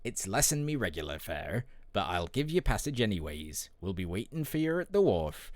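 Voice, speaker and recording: A man voicing a drunken pirate ship captain with a gruff, slurred seafarer's drawl, read out during a game playthrough. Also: lowish voice, measured pace, a little mellow, dry recording, lightly acted. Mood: slurred, bargaining.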